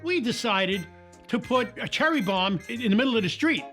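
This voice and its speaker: Old New man, lively anecdotal storyteller, high voice, soft music underneath. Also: fairly quick. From New York. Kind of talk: documentary interview.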